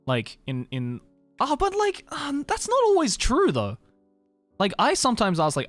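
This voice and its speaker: An Australian man streaming, chatting casually with viewers in a musing, hesitant way, slowing down to sound out words. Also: high-pitched, wildly swooping pitch, no room sound, faint music behind.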